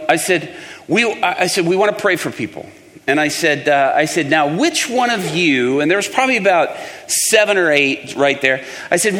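A man's voice: sits high, long reverb tail. A man preaching and telling a story, acting out the voices of the people in it. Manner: animated, acts out the voices in his story. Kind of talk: sermon storytelling.

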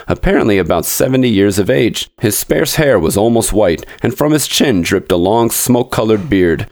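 A male storyteller narrates a classic tale with theatrical flair and now and then turns to speak to his audience. His voice sits low, and the recording is dry, with no room sound. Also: darkish tone, no room sound. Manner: dramatic, addresses listeners directly. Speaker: podcast storyteller.

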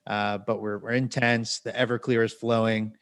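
A man's voice: fairly low pitch, flat delivery, normal speed, fairly bright tone. Wry man rambling through a story. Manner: rambling, with self-corrections and asides; wry, self-mocking. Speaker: podcast co-host. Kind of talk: casual storytelling.

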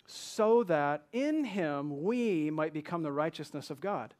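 A man preaching a sermon, slowing to read scripture and building to emphatic rhetorical questions. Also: fairly high pitch, lively intonation, darkish tone. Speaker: pastor.

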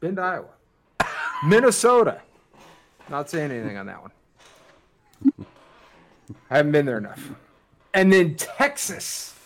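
A man on a podcast who scoffs and swears as he reads through a list. His voice sits high and jumps around a lot. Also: huge pitch swings, unhurried, pauses often, a little hiss or hum. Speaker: podcast co-host. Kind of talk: casual banter.

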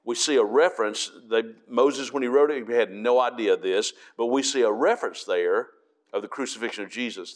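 A man preaching a Bible study, reading verses aloud and explaining them with frequent restarts. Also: on the low side.

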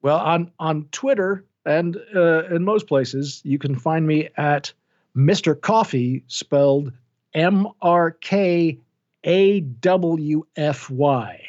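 Middle-aged male narrator, animated and self-deprecating, slightly high voice, muffled lo-fi audio. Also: slow pace. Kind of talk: casual interview chat. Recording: dull lo-fi sound.

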